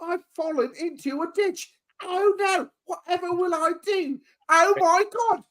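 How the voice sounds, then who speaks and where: A man putting on the voice of a whiny English kid gamer stuck in a video game, high and mock-dramatic. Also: measured pace, fairly bright tone. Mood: mock panic.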